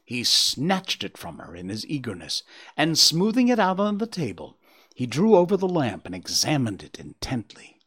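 A man reading a classic detective story aloud in the first person. His pitch moves a lot as he tells it, expressive and steady in pace. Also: normal speed, husky. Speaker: audiobook narrator. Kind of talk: first-person audiobook narration of classic fiction.

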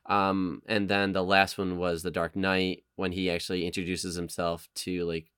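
A man's voice: normal speed, clear, resonant tone, dry recording, clean studio sound. A man hosting a podcast, chatting casually and reading movie quotes aloud. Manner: animated when reading quotes, low-key otherwise. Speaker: podcast host.

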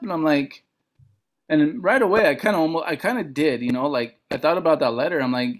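Comedian guest from Montana, slightly high voice, casual and animated, acts out the other people in his story. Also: a little fast. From Montana reservation. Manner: animated, acts out quoted voices with big pitch jumps.

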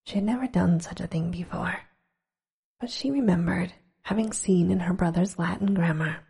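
A woman reading a storybook aloud in a slow, hushed, gentle whisper. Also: lowish voice, gravelly, husky.

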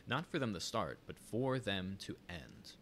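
Podcast co-host, male, lowish bright voice, opinionated casual talker, faint background hiss. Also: big pitch swings, a little slow. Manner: chatty, opinionated, many fillers and restarts. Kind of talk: casual chat, reading news aloud.

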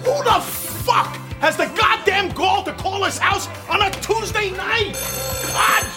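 An actor playing a hot-tempered older father who bursts into profane shouting tirades. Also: extremely high pitch, takes it slowly. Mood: furious. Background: film music.

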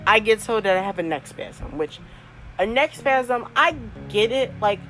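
A woman's voice: mid-range voice, expressive, unhurried, a bit bright, low-quality recording. Young woman, podcast host, casual storytelling, laughs a lot, lots of fillers, faint music behind. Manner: chatty, laughs often, many fillers.

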